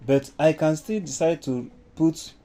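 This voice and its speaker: A man with a Nigerian English accent walks through a music lesson step by step, now and then singing solfa syllables. His voice is very dark and mellow, and he speaks slowly. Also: a little high. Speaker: music teacher. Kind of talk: informal music lesson with sung examples.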